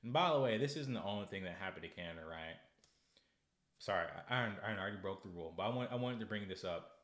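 A young American man hosting political commentary, ranting in a sarcastic, heated way with loud bursts and halting restarts. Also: on the low side, animated, roomy sound. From United States. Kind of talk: casual commentary, ranting to camera.

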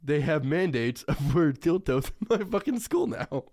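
A man's voice: a little high, big pitch swings, moderate pace, darkish tone. A young man co-hosting a podcast, telling a story casually, swearing a lot and laughing often. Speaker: podcast co-host.

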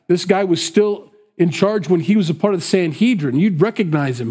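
A man's voice: high-pitched, fairly quick, darkish tone, breathy edge. A man preaching a conversational sermon, explaining a scripture passage and acting out the people in it. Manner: conversational, acts out quotes. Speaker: pastor. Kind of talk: expository sermon.

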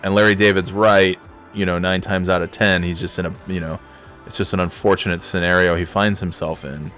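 A man's voice: low voice, level tone, a little fast, a bit bright, faint music behind. A man hosting a solo podcast, rambling in a loose, profane, digressive way. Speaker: podcast host.

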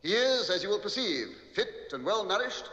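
A man's voice: sits high, sing-song, normal speed, sharp tone, lo-fi sound, heavily acted. An actor playing a pompous government minister who formally presents his subject to an audience. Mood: proud. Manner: formal, declaiming. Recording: echoey film audio in a large hall.

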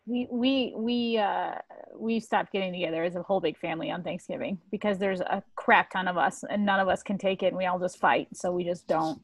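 A woman in her thirties, a comedian hosting a casual podcast chat, agreeable and quick to laugh along. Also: fairly low pitch, steady tone, no echo.

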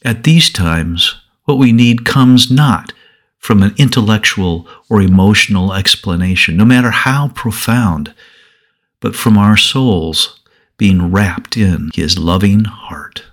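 A man telling a Bible story and reflecting on it as a devotional, earnest and measured with dramatic pauses. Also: on the low side. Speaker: devotional speaker.

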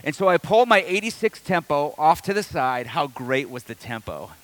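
A man's voice: fairly high pitch, very animated, normal speed, fairly bright tone. A middle-aged male pastor from the Detroit area, preaching a sermon through a humorous personal story. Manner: storytelling, self-deprecating humor, builds to preaching.

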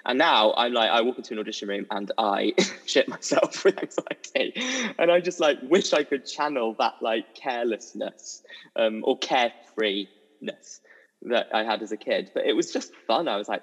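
A young man, a musical theatre performer, telling stories as a guest in an animated, giggly way. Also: medium pitch, moderate pace. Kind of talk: casual chat. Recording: dull audio with long reverb.

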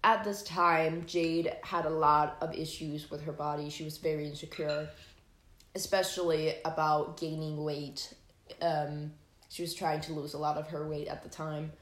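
A young woman hosting, telling a personal story casually, animated and full of fillers and swearing. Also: low-pitched, a little slow. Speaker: host. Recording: echoey room.

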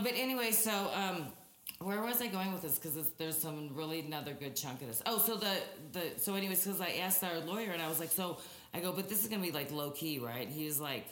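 A woman in her forties, a former school principal, telling a story as a podcast co-host in a casual, animated way and swearing freely. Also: lowish voice. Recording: roomy echo.

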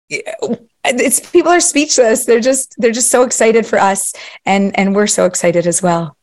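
A woman's voice: a little high, lively intonation, normal speed, a little mellow. A middle-aged woman, a matchmaker answering interview questions in an earnest, effusive way, sprinkling in Hebrew and Yiddish words.

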